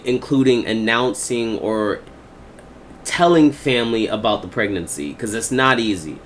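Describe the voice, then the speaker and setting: A man's voice: mid-range voice, fairly bright tone, slight background noise. A man hosting a reaction video, commenting emphatically, repeating phrases and saying "bruh".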